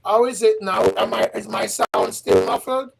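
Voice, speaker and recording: Man hosting a live stream with a high, lively voice and a halting, repetitive delivery. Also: creaky, low-quality recording. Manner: repetitive, halting, asks the audience questions. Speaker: livestream host. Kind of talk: casual livestream chat. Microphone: livestream setup.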